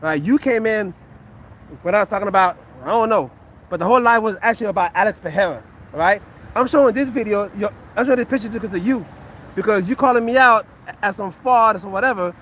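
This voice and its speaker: Brief: former fighter, 40s man, streaming to chat, high-pitched, defensive and sarcastic, repeats himself a lot. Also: fast talker, a bit bright, slight background noise. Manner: defensive, sarcastic and repetitive, addressing chat and a heckler. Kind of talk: casual livestream chat to viewers.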